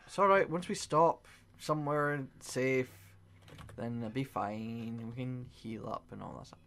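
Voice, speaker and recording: A young man commentating on a horror game, excitable, swearing constantly and yelping at scares. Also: medium pitch, unhurried, vocal fry. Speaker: gaming video creator.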